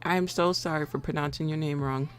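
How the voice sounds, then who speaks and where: A woman's voice: low-pitched, fairly even intonation, brisk, faint music behind. An American woman hosting a live trading stream, chatting playfully with her viewers and laughing often. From United States. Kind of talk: casual live-stream chat.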